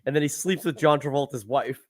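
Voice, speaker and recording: A man hosting a podcast, chatting casually, laughing often and swearing through animated retellings. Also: on the high side, brisk. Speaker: podcast host. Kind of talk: casual chat.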